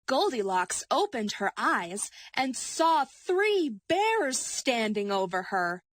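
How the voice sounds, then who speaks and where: A woman narrating a children's story slowly and expressively. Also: a little high, dry recording, clean studio sound. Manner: slow and expressive.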